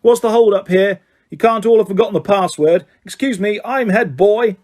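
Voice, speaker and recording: A man's voice: high voice, normal speed, darkish tone, voice pushed up, natural voice. Man playing a pompous teenage head boy, self-important, raised voice, bustling tone.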